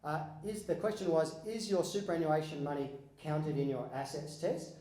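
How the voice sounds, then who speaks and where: A financial adviser, speaking with a high-leaning voice and a dark tone, presents a seminar in a conference hall. He keeps it conversational with wry asides and quick questions to the audience, while the roomy sound makes for poor audio.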